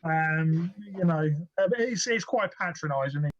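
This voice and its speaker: A man's voice: fairly high pitch, animated, unhurried. A man narrating as game master, describing scenes wryly with fillers. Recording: dull lo-fi audio.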